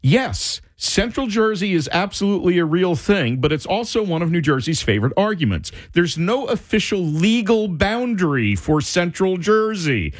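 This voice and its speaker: A man's voice: high-pitched, big pitch swings, moderate pace, few pauses, no echo. A man hosting a radio show, bantering casually and reading answers aloud with playful mock drama.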